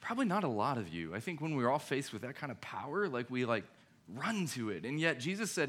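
A young man preaching casually to a youth group, conversational and jokey, with quick voiced asides. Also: mid-range voice, big pitch swings, a bit bright, breathy edge.

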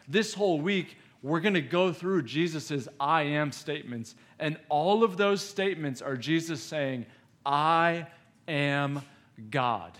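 Camp preacher, male, slightly high voice, slow and emphatic. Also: a bit bright. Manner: emphatic, asks the audience questions. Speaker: youth camp speaker. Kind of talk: sermon to a youth camp.

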